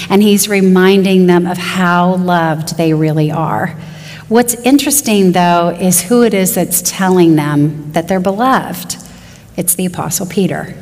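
A woman delivers an earnest sermon in a somewhat low voice. She speeds up and slows down, drawing out the phrases she wants to land. Her voice carries a long reverb, as in a large hall. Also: darkish tone. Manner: earnest, varied pace with slow emphatic phrases. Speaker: women's Bible teacher.

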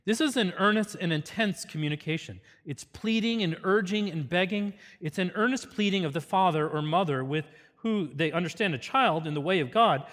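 A man's voice: high-pitched, moderate pace, few pauses, fairly bright tone, in a large hall. A man giving an earnest, teacherly parenting seminar with a faith focus.

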